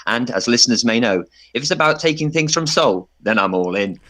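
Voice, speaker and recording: A man on a podcast giving a playful, tongue-in-cheek pitch and laughing often. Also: expressive, brisk, pushed and bright. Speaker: podcast panelist. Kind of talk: mock campaign pitch.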